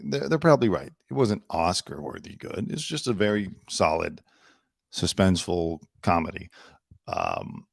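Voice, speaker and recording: Guy hosting his news show, kinda low voice, dry mic, snarky and opinionated. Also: creaky, no room sound. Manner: opinionated, chatty, sarcastic asides. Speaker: host. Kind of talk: casual news commentary.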